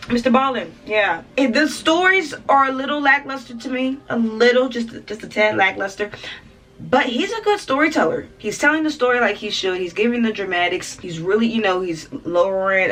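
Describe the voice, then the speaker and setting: A woman reacts to a video in casual, emphatic chat, speaking straight to her viewers. Her pitch swings widely as she talks. She sounds set back from the microphone. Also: a bit bright, far from the mic. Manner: chatty and emphatic, addressing viewers.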